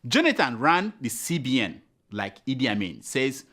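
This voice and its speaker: A man's voice: medium pitch, sing-song, moderate pace, bright, forceful tone. A man hosting a satirical news show, mocking the headlines, chuckling often and stammering into punchlines. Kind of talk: comic news commentary.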